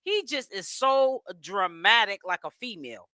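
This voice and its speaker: A woman's voice: medium pitch, big pitch swings, a little slow, sharp tone, no room sound. A woman giving blunt, mocking reaction commentary over a clip she is watching.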